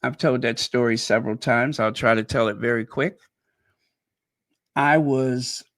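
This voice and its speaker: A middle-aged man from Chicago hosts his own channel in a loose, conversational monologue. His voice sits a little high, and he wanders through his story with animated asides and laughs at his own jokes. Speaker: channel host.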